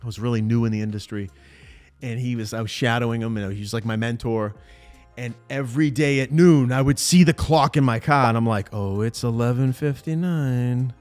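Speaking briskly at a medium pitch over faint music, a male podcast co-host in his forties tells a story in relaxed chat. He's an animated storyteller who acts out the people he quotes.

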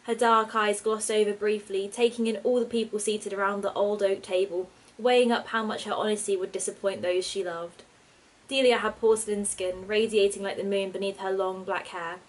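A woman reading her own storybook aloud in a steady, expressive narration. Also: mid-range voice, normal speed, poor audio.

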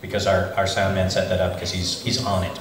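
Chatty male panel host at a con, lowish voice, roomy hall. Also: monotone, fairly quick. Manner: chatty, self-interrupting. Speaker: voice actor panelist and moderator. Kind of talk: convention Q&A chat. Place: convention hall.

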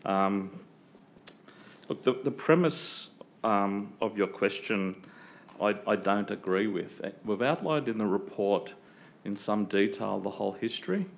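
A man answering as a council planning director, measured and explanatory with frequent ums. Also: fairly low pitch, vocal fry. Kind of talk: formal official reply. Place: council chamber.

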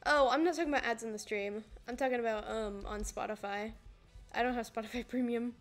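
A woman's voice: on the high side, fairly even intonation, a little fast. A young woman streaming a game, chatting casually and rambling while greeting her viewers. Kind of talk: casual livestream chat while gaming. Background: music playing.

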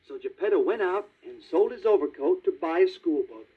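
A man narrating a read-along children's storybook in a lively, child-friendly way. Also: sits high, moderate pace, breathy edge. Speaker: storybook reader. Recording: tinny 1950s vinyl record.

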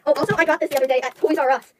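Fast-chattering high-voiced young woman streamer. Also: fairly even intonation, a little hiss or hum. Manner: rambling, giggly, talks to chat. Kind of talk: casual stream chat.

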